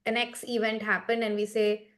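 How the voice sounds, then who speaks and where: A woman's voice: on the high side, level tone, normal speed, fairly bright tone. A woman leading a meditation session on a video call, telling a story in a reflective, conversational way and often checking in with "right?". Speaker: meditation facilitator.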